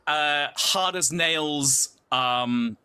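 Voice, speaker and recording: Giggly, bright-voiced man. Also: a little high, very slow, clean tone. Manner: hesitant, lots of fillers and giggles. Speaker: show creator and game master. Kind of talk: casual livestream chat.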